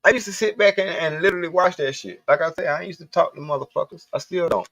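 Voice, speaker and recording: Blunt rambling man, raised in the Southern US, profane livestream rant; slightly high voice, dry close sound. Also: quick pace, creaky, fairly bright tone, no room sound. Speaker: livestream host. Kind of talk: casual ranting monologue.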